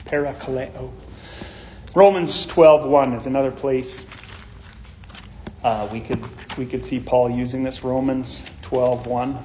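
A man's voice: mid-range voice, steady tone, measured pace, pauses often, darkish tone, a little hiss or hum. Earnest man preaching a verse-by-verse sermon. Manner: earnest, explanatory, restarts phrases. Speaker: pastor. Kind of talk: expository sermon.

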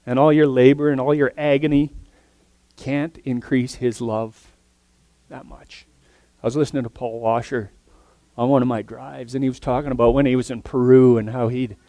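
Man preaching, earnest, sudden loud stresses and hushed asides, middle pitch, dry close sound. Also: no room sound. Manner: earnest, swings from loud emphasis to soft near-whispers. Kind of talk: sermon.

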